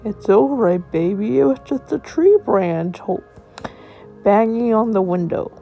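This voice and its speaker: A woman voicing a gentle, patient father in a children's story, with soothing, unhurried reassurance. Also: medium pitch, gravelly, soft background music. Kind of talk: storybook character voice.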